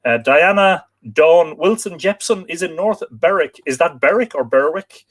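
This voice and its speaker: A man's voice: fairly high pitch, normal speed. An Irish man hosting a live stream, reading out viewers' names and locations and greeting each one, with frequent hesitations and "uh"s. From Ireland. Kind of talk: casual live stream chat.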